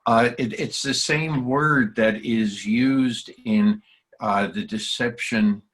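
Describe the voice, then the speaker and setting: Slow, halting man leading a study group. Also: medium pitch, fairly bright tone. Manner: hesitant, many fillers and restarts. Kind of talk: halting Torah study discussion.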